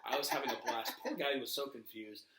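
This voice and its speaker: A man co-hosting a laid-back wrestling podcast. He tells stories in an animated way and laughs often. His voice is bright and forceful. It sits in an echoey room. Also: mid-range voice, fast talker. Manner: animated, laughing storyteller, swears casually. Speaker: podcast co-host. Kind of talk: casual chat about wrestling.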